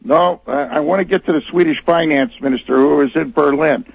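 Halting male caller on a dull line. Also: on the high side, vocal fry, breathy edge, no room sound. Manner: hesitant, halting, full of restarts. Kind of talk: call-in radio.

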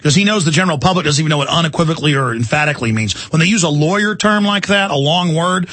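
A man's voice: on the high side, lively intonation, quick pace, hardly any pauses, fairly bright tone, no room sound. A man hosting a talk radio show, rambling and indignant in an emphatic monologue from a studio.

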